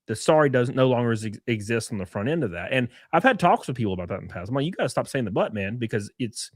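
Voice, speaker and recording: A man co-hosting a livestream in casual chat, animated and acting out quotes from others. His pitch swings widely, jumping high when he gets worked up. The sound is dry and close. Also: fast talker, dry recording. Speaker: co-host.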